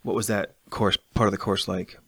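A man hosting a casual conversation, telling lively stories about a relay race. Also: lowish voice, normal speed, breathy edge, no echo. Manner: lively storyteller recounting a race.

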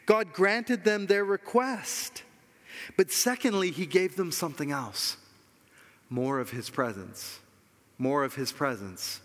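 Guy preaching, earnest, hits his points twice, a bit high voice, echoey hall. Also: expressive, takes it slowly. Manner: earnest and emphatic, with repeated key phrases. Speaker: pastor. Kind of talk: sermon.

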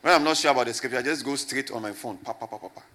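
A man's voice: mid-range voice, racing, sharp tone. A middle-aged man, a pastor, preaching a sermon and asking his congregation to repeat his words back. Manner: call-and-response preaching, repeats questions to the crowd.

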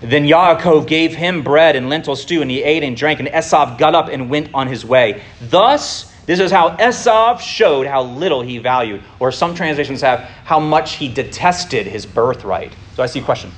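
A man's voice: fairly high pitch, animated, moderate pace, hardly any pauses. Man teaching scripture in a casual way. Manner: asks the listeners rhetorical questions; informal, with fillers and restarts. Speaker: Bible study teacher. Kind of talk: conversational Bible teaching.

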